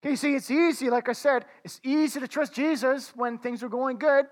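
A man's voice: very high voice, fairly quick. A man preaching a conversational sermon, talking informally to his listeners as friends and often restarting his words.

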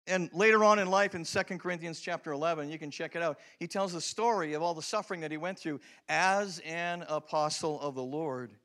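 High-voiced pastor preaching. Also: male voice. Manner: storytelling, swings from loud emphatic lines to hushed prayerful ones. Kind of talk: sermon.

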